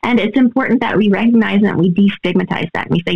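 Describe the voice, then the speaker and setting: A woman's voice: mid-range voice, fast, creaky, few pauses, breathy edge, dull audio. A woman answering interview questions as an expert guest, earnest and explanatory, often tagging on "right?".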